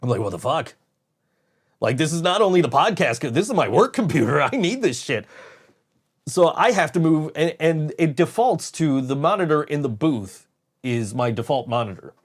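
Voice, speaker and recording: A man's voice: fairly high pitch, expressive, moderate pace. A man hosting a podcast, telling a rambling story in casual chat, swearing often and laughing as he goes. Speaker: podcast host.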